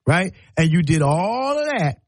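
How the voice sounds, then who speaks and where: Preachy husky-voiced man on talk radio. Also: high-pitched, sing-song, unhurried, dry recording, low-quality recording. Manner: preachy, emphatic, repeats words, acts out quoted lines. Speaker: radio talk show host. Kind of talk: radio talk show monologue.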